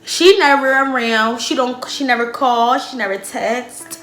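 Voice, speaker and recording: A young woman tells a storytime to her camera, dramatic and animated, with plenty of swearing and slang. Her voice sits fairly high and rings bright. The room around her is echoey, with faint music underneath. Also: a little slow. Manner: profane, slangy. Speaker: vlogger. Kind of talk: casual storytime.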